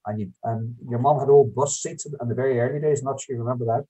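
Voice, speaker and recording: A man's voice: medium pitch, fairly even intonation, quick pace, dark tone. A man interviewing a guest over a video call, reminiscing fondly. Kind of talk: interview talk. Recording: distant husky call audio.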